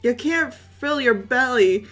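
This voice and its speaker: A woman's voice: on the high side, animated, takes it slowly, fairly bright tone, heavily acted. A rowdy young tough sneers and taunts with a brash edge, as a woman puts him on. Game music runs faintly underneath. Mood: taunting.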